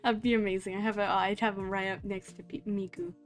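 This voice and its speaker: A woman's voice: medium pitch, level tone, quick pace, faint music behind. A young woman hosting a casual live-stream chat, rambling with lots of fillers and laughing often. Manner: giggly, rambling, trails off with fillers. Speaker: streamer and host.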